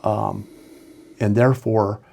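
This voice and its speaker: A man's voice: fairly low pitch, fairly even intonation, slow pace, vocal fry, a little mellow. A man in his sixties, a retired sheriff's lieutenant, telling candid stories in a casual podcast interview with frequent fillers.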